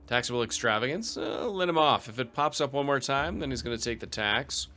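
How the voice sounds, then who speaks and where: A man's voice: medium pitch, expressive, brisk, pushed and bright. A man commentating a strategy game, reading event text aloud with dry, wry asides. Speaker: let's play host.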